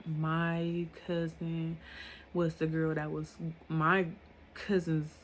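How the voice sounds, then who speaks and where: A young woman talks straight through a personal storytime in a loose, rambling way. Filler words pile up as she circles back and restarts. Her voice sits a little low for a woman. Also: little pitch movement, takes it slowly, slight background noise. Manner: rambling, filler-heavy talk. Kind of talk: casual storytime monologue.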